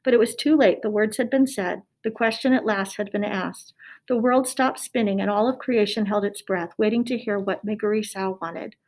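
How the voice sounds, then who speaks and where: A woman reading a children's novel aloud expressively, pausing to talk to the listener. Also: medium pitch, low-quality recording. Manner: expressive, addresses listener directly. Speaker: storybook reader.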